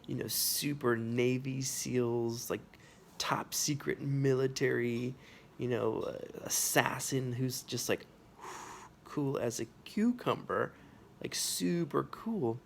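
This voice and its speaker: A man telling a personal anecdote, animated and full of sound effects and casual asides. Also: medium pitch, slow, creaky, a little hiss or hum. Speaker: storyteller. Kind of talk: personal anecdote told to camera.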